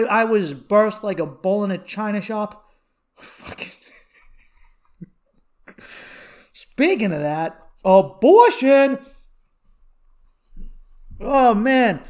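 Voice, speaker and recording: Profane, rambling comedic podcast man. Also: high voice. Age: 30s. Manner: profane, rambling, animated storytelling. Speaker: podcast host. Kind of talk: comedic solo podcast rant.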